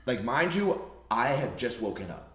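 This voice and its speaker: A young adult man, a streamer, telling a story in a casual, animated way, full of slang and cursing. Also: mid-range voice, normal speed. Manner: animated, slangy, swears freely. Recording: roomy echo.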